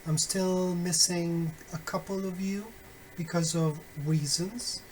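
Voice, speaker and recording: A man teaching phonetics in a recorded online lesson, deliberate and full of fillers and self-corrections, with wry, friendly asides to his students. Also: high voice, steady tone, a little mellow, slight background noise, poor audio.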